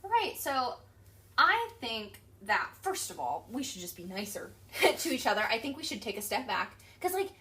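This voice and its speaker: A woman's voice: on the high side, very animated, normal speed, pushed and bright. A young adult woman talking animatedly as an interview guest, emphatic and full of fillers. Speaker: guest, accessibility advocate. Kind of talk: casual interview talk.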